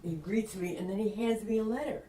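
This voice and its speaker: Animated older woman telling a story. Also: mid-range voice, brisk. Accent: Long Island. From Long Island. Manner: animated storyteller acting out quotes, laughs often. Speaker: author guest. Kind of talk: storytelling interview. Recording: echoey room, distant mic, faint noise.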